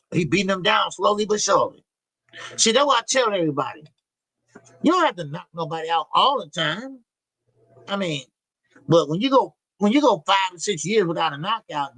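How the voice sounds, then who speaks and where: A man with a high, slangy voice hosts a live boxing talk stream, chatting loosely and repeating himself as he reads viewer messages. The sound is dry and close, with no room around it. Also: pushed and bright, breathy edge, no room sound, poor audio. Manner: loose, repetitive, slangy, profane. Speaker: boxing show host.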